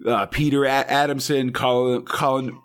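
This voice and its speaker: An American man with a sick, slightly hoarse voice, co-hosting a casual podcast and joking around with a friend. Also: mid-range voice, fairly even intonation, fairly bright tone. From United States. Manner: joking, rambling, quick asides. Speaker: podcast co-host.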